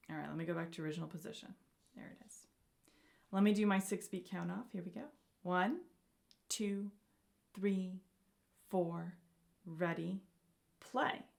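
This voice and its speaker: A woman's voice: fairly low pitch, animated, brisk, creaky. A woman teaching a beginner piano lesson, speaking encouragingly and often checking in with "okay?" and "right?".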